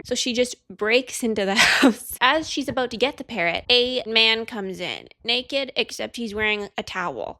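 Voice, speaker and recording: A woman's voice: mid-range voice, fairly bright tone, no room sound, clean studio sound. A young woman casually recapping a romance novel, chatty, with joking asides. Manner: chatty, joking asides, plays characters in quick put-on voices. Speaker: book vlogger.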